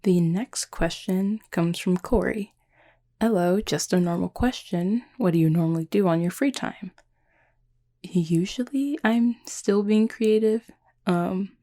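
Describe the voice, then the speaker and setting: A young adult woman chatting casually as she answers fan questions, soft-spoken and hesitant, with many pauses and ums. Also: lowish voice. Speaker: audio drama creator answering fan questions. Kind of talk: casual Q&A chat.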